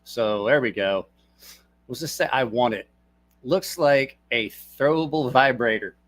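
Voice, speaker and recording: A man's voice: mid-range voice, unhurried, a bit bright. Rambling middle-aged man telling stories. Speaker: channel host. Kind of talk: casual livestream chat and storytelling. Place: home desk.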